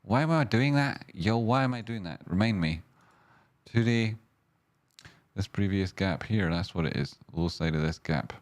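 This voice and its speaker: A man's voice: sits low, measured pace, long pauses, darkish tone. A man hosting a live stream, chatting and thinking aloud as he walks through stock charts with jokey asides.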